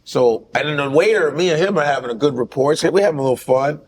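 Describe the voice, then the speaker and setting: A man's voice: a little high, fast, slight background noise. A man from Nigeria telling a story in casual chat, acting out quoted lines and swearing freely.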